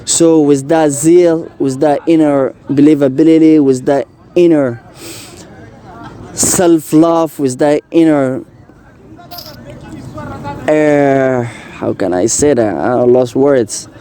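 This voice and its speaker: With a fairly high-pitched, warm voice, a young native French speaker shares a personal story in casual talk. He comes across as earnest but halting, using many fillers and restarting often.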